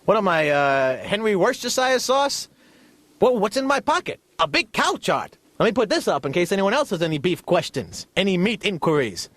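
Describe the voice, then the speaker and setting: A man's voice: sits high, big pitch swings, normal speed, a bit bright, no room sound, voice pushed up, heavily acted. A man doing a whiny suspicious New York dad. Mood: suspicious, exasperated. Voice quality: whiny, exasperated, sing-song complaining.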